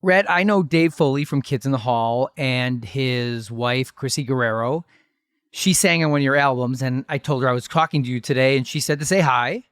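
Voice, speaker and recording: A man's voice: medium pitch, moderate pace, a bit bright, clean tone, no echo. Middle-aged male host, mid-range voice, dry close mic, rambling chatty storyteller. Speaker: podcast host. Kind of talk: casual chat.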